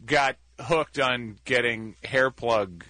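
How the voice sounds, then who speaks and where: A man's voice: medium pitch, takes it slowly, pushed and bright, dry recording. Candid, self-deprecating man in his forties. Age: 40s. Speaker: guest, sports announcer. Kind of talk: relaxed conversational storytelling.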